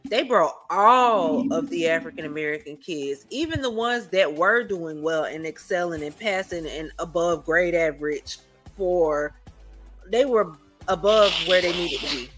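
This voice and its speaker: A woman co-hosting a comedy podcast, speaking casually, with expressive, indignant questions. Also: on the low side, measured pace, soft background music. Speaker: podcast co-host. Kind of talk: casual chat.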